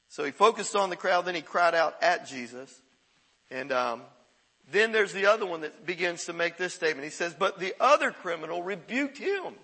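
A man preaching a sermon, animated, swinging from loud exclamations to hushed asides. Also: high voice, slightly rough, poor audio. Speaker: pastor.

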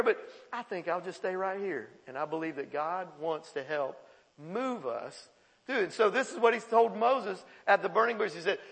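A man preaching a sermon as pastor, telling a personal story in a conversational, animated way. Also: high-pitched. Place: church sanctuary. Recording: long hall reverb.

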